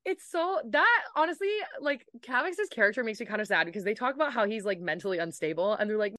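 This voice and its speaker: A woman hosting a casual book podcast, talking in an animated way, swearing freely and acting out lines from the characters over a remote call mic. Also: mid-range voice, fast, few pauses, no echo, clean studio sound. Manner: animated, swears a lot, acts out character quotes. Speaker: podcast host. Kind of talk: casual book discussion chat. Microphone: remote call microphone.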